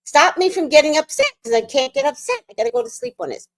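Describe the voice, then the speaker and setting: A woman telling a storytime rant on her livestream, animated, worked up and swearing freely. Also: very high-pitched, quick pace, gravelly. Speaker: livestream host.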